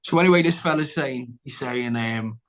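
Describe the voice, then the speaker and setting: A man speaks at a medium pitch and moderate pace, his tone fairly bright over a rough recording. He's a guest actor on a podcast, telling a long story in casual chat, rambling and restarting often and acting out what people said.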